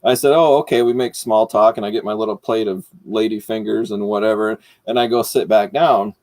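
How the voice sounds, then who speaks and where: Man, middle-aged, from Michigan, low voice, casual storytelling, dry close sound. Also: brisk, dry recording. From Michigan, United States. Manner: animated, laughs while telling. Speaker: host.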